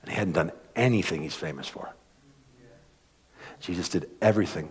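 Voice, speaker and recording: A man preaching a sermon, telling a story with lively asides, many filler words and acted-out voices. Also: low-pitched, normal speed, long pauses, breathy edge. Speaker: pastor. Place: church hall. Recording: long hall reverb.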